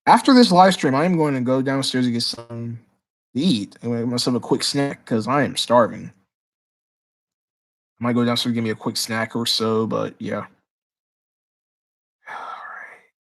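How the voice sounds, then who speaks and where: Excitable male livestreamer who stumbles over his words. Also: medium pitch, measured pace, pauses often. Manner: excitable, repeats words and restarts often. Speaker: livestream host. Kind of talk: casual livestream Q&A, reading chat questions aloud.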